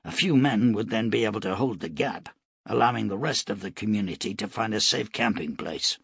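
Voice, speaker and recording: A hard-bitten frontier gunman who speaks quietly and matter-of-factly in short, clipped lines, as a male narrator puts him on. His voice is low and husky. It is recorded close and dry. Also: brisk, no room sound, exaggerated voice.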